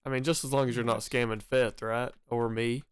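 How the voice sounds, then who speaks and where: A man's voice: medium pitch, little pitch movement, brisk, clear, resonant tone, no room sound, clean studio sound. A man playing a tabletop game in character, polite and easygoing. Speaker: player.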